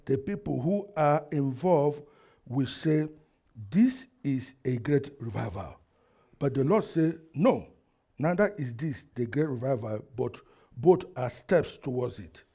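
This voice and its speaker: High-voiced gravelly preacher. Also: male voice. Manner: reads a prophecy quietly, then builds to shouted exhortation; leads the congregation in call-and-response repetition. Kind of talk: sermon.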